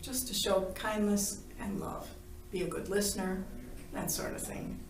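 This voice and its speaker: A woman's voice: medium pitch, steady tone, unhurried. Woman telling her story all playful, keeps laughing, voices the back-and-forth, roomy sound a bit away from the mic. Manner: playful, laughs often, acts out dialogue. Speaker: near-death experience witness. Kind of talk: animated personal storytelling. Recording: roomy, from a distance.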